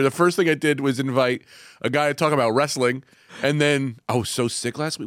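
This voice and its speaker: A man hosting a podcast in casual chat, animated and joking, swearing freely. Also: medium pitch, fairly quick, dry recording, studio quality. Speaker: podcast host.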